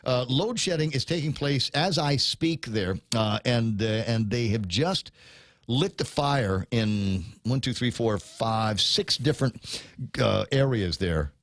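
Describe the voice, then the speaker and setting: Male radio talk host, mid-pitched, meandering and chatty, dry close studio sound. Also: animated, slow, a bit bright, no room sound. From Guam. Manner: rambling, many fillers and restarts, chuckles. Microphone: studio mic.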